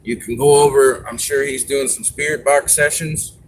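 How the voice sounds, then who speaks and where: A man's voice: medium pitch, fairly even intonation, moderate pace, slight background noise, low-quality recording. A man hosting a live stream, chatting casually and giving advice, rambling a little with fillers.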